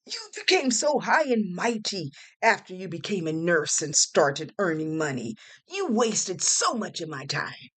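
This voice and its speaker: A woman's voice: extremely low pitch, normal speed, fairly bright tone. A woman reading the lines of a resentful young man, an ex-lover who sneers in bitterness. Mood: sneering. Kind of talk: audiobook character reading.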